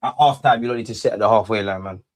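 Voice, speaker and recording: A man hosting a live football watch-along, swearing a lot, muttering to himself and shouting at goals. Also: fairly low pitch, racing. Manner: mutters quietly to himself between outbursts.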